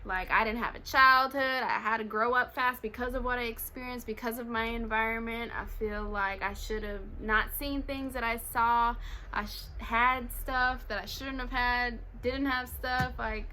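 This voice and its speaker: Passionate, bright-voiced woman. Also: a little high, fairly even intonation, normal speed, a little hiss or hum, rough recording. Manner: passionate, earnest, laughs between phrases. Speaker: faith vlogger. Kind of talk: casual devotional talk.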